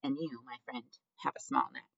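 A reader voicing a gentle male mouse threadmaster, polite and soft-spoken, murmuring in a storybook reading. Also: mid-range voice, fairly even intonation, normal speed, gravelly, no room sound. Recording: dull lo-fi dry recording.

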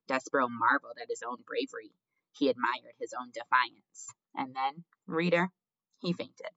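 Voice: mid-range voice, moderate pace, sharp tone, dry recording. A narrator reading a storybook aloud expressively, speaking directly to the reader. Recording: dull lo-fi dry recording.

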